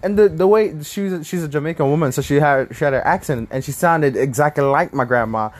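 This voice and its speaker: A young man casually telling a story to his viewers, animated, laughing often and restarting his sentences. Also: fairly high pitch, brisk. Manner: animated, laughing, self-correcting. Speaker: vlogger.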